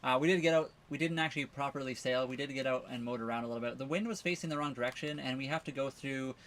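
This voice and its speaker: A man's voice: mid-range voice, rapid-fire, a bit bright, slight background noise. A man co-hosting a casual livestream from his sailboat, answering viewer questions in a rambling way, full of fillers and restarts. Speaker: livestream co-host living on a sailboat.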